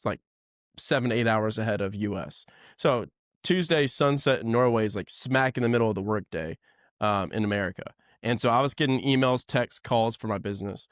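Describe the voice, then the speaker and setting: A man co-hosting a podcast in casual chat, telling stories with lively acted-out quotes. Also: medium pitch, no echo, clean studio sound. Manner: animated storyteller, acts out quoted voices. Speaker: podcast co-host.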